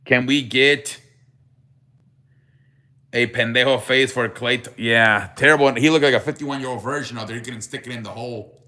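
A man's voice: medium pitch, fairly even intonation, moderate pace, bright, forceful tone. A man hosting a casual live sports stream, reading the chat and greeting viewers by name, with a running "I beg your pardon" joke.

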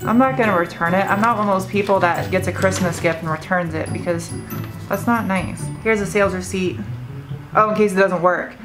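A young woman hosting her car vlog, talking casually and getting excitable as she opens gifts from viewers. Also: on the low side, a little fast, music in the background. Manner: chatty, excitable when unboxing gifts. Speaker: car vlogger and host.

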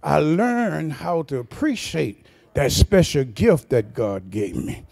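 A man preaching a sermon as pastor, folksy and chuckling, rising into shouted, sing-song cadences. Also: on the high side, big pitch swings, takes it slowly, vocal fry.

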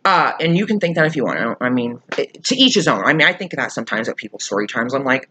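A YouTuber telling a storytime vlog while irate and upset, swearing a lot and swinging from loud outbursts to quiet muttering. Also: mid-range voice, very animated, quick pace, slight background noise.

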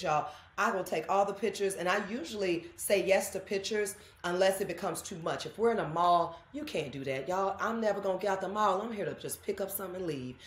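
A woman, chatting as an interview guest and acting out the people in her stories. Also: mid-range voice. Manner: animated storyteller, acts out quoted voices. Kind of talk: casual interview chat. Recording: echoey room.

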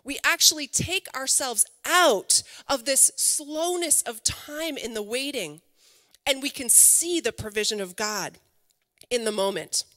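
A middle-aged woman pastor delivers a lively, conversational sermon, tossing rhetorical questions to her listeners. Her voice is bright and slightly high. A long reverb from the church hall trails behind her words.

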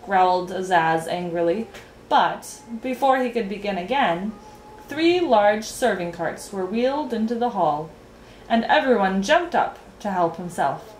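A woman narrates a storybook with an expressive, lively voice that rises and falls a great deal. Her reading has a roomy echo around it. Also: medium pitch, a little slow, a little hiss or hum.

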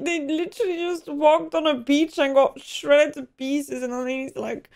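A woman's voice: sits high, level tone, a little slow, gravelly, a little mellow. A young woman giving a first-time movie reaction, emotional and given to gasps and exclamations.

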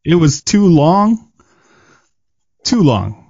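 Slow, gravelly man with dry quips. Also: a little high, sing-song, darkish tone, no room sound, muffled recording. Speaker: podcast co-host. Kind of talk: casual movie review chat.

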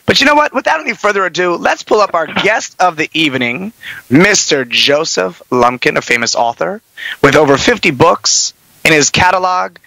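An energetic male talk-radio host welcomes and questions his guest. His voice is bright and forceful and pitched a little high. The studio sound is dry and close. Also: normal speed, gravelly, dry recording, low-quality recording. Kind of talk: radio talk show hosting.

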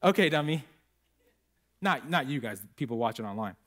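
A man preaching a sermon as pastor, telling stories with lively acted quotes to his congregation. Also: medium pitch, moderate pace. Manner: animated storytelling with acted quotes. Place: church.

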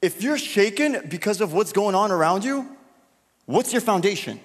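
In a large church hall, a young male youth pastor preaches to the gathering in a relaxed, rambling style full of fillers. His voice is high and animated, and he keeps a moderate pace through this casual sermon and prayer.

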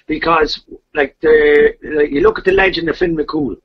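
Gravelly man rambling a legend. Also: fairly high pitch, big pitch swings, normal speed. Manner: rambling, with repeated fillers. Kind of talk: casual storytelling. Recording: dull lo-fi podcast audio.

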